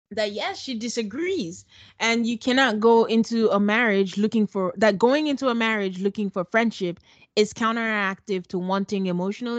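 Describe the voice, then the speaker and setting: A woman's voice: medium pitch, dry recording. A woman co-hosting a casual recap chat, blunt and sarcastic as she retells what happened. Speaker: podcast co-host.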